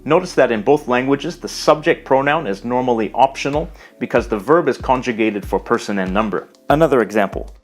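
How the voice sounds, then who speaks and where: A man narrating a scripted language lesson, explaining carefully and slowing down to pronounce example words. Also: mid-range voice, animated, soft background music. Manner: measured, explanatory, slows to pronounce foreign words. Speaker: language teacher.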